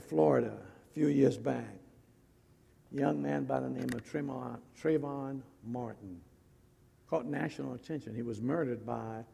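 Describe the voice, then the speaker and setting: A middle-aged man preaching a sermon, telling a personal story in an animated way with fillers and restarts, his voice gravelly and husky. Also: mid-range voice. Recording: long reverb of a hall.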